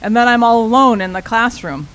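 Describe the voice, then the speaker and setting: A woman, an intern minister, telling a personal story as a sermon in an animated, conversational way. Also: fairly high pitch, a little fast, rough recording.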